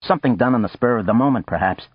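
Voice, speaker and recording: A man voicing a guarded, calculating man who speaks in measured phrases. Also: medium pitch, expressive, slightly rough, no echo, highs cut off, pitched above the performer's own voice.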